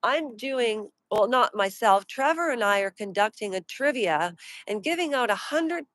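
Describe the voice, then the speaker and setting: A woman's voice: a little high, lively intonation, a bit bright, no echo. A woman giving an indignant, mocking rant about celebrity gossip on a live stream. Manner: indignant, mocking, slows down to stress points. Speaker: pop culture commentator.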